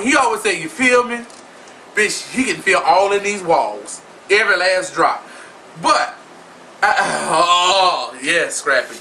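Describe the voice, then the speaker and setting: A man's voice: high-pitched, sharp tone. A man vlogging in a sassy, profane and flamboyant style of casual gossip commentary. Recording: distant mic with faint noise.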